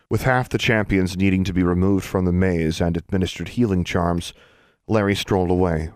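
This audiobook narrator, a man with a very deep voice, delivers scripted fantasy narration at an even, measured pace. His sound is close-miked and dry, carrying no room sound at all.

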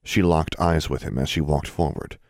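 A man with a very low, deep voice narrates a fantasy audiobook. His reading is even and measured, and the recording is close and dry with no room sound. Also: dry recording. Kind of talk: scripted narration.

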